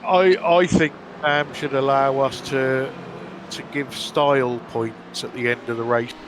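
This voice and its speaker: A man's voice: mid-range voice, steady tone, a little slow. Man calling a race over hiss. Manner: observant, spotting and reporting cars. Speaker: race commentator. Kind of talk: live sim racing commentary.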